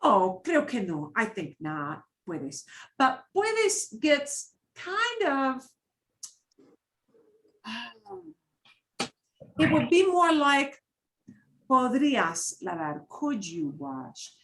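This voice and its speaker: Slow, animated woman teaching Spanish. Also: high-pitched. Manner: switches between Spanish and English, patient and explanatory. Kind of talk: online language lesson.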